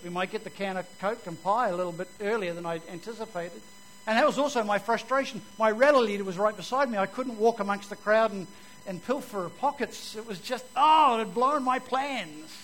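A high-voiced man, described as New, gives his personal testimony to an audience. He's a vivid storyteller who swings from loud to hushed. The audio quality is poor.

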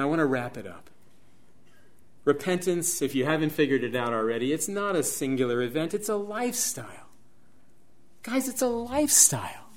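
A middle-aged man preaching a sermon, swinging dramatically between hushed near-whispers and loud, emphatic peaks. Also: mid-range voice.

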